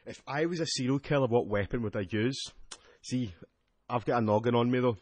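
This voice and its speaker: A man's voice: mid-range voice, fairly quick, darkish tone. A man with a Scottish accent co-hosting a wrestling podcast, bringing up news stories with dry, sarcastic, sweary humour. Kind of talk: casual banter, reading news.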